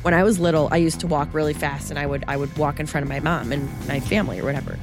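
A woman's voice: low voice, steady tone, music in the background. Playful female podcast co-host. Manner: playful, jokey, tells quick personal stories. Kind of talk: casual banter and storytelling.

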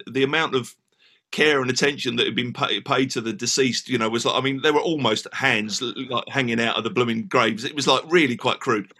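An English man telling a story as a guest in a casual podcast interview, animated and full of restarts. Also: medium pitch, breathy edge. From England. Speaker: guest musician.

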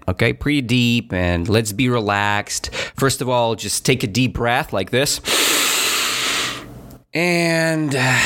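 A man teaching a vocabulary lesson, explaining slowly and checking in with the listener after each point. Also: medium pitch, a bit bright. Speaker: English teacher. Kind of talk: language lesson.

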